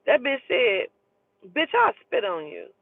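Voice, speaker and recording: A woman telling a heated, profane story in an emphatic, animated way. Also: on the high side, measured pace, husky, no echo. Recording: tinny phone-like sound.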